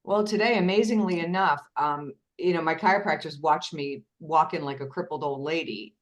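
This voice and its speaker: A woman's voice: sits low, normal speed. A woman casually sharing her story as a guest, chatty and self-deprecating. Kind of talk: casual chat.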